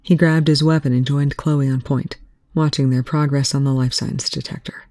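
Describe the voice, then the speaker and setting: A reader narrating fan fiction aloud in a steady, even manner with a gravelly voice. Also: mid-range voice, normal speed, no echo, clean studio sound. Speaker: audiobook reader.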